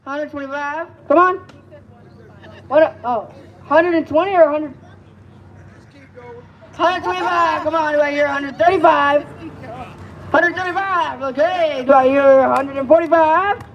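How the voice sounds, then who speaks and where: A man's voice: very high-pitched, measured pace, pauses often, lo-fi sound. A man calling bids at a live auction, coaxing and pleading with the crowd and repeating each price. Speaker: amateur auctioneer.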